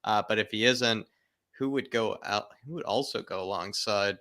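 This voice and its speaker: A man's voice: fairly low pitch, moderate pace, bright, forceful tone. A man co-hosting a casual livestream chat, speaking hesitantly with fillers.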